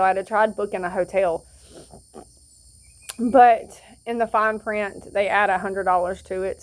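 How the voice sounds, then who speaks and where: A woman sharing a personal testimony outdoors, rambling through her story with frequent fillers and restarts. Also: mid-range voice. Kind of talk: casual spoken testimony. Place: outdoor campsite.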